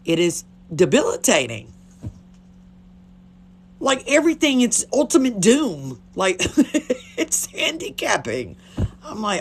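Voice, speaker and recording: Casting: woman, casual livestream host, blunt, animated delivery, faint background hiss. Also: medium pitch, slow, pauses often. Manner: blunt, chatty, swears freely.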